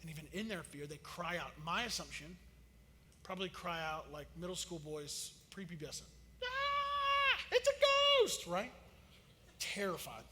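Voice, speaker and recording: A man, preaching a sermon in a casual, joking style that rises to loud emphasis. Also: fairly high pitch, normal speed, slight background noise. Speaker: pastor. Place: church sanctuary. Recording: long hall reverb.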